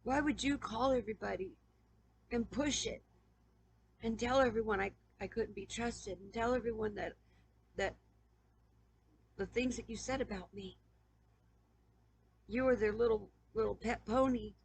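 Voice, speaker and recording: A woman's voice: a little high, measured pace, pauses often, a little hiss or hum, low-quality recording. A woman YouTuber in an emotional personal appeal to camera, pleading and stammering with repeated questions, on the verge of tears. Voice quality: raspy, gravelly.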